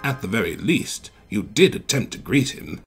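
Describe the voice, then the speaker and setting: A man voicing a calm, wise older male engine who explains gently and reproves, in a fan storybook reading. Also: on the low side, moderate pace, creaky, breathy edge, faint music behind, full character voice.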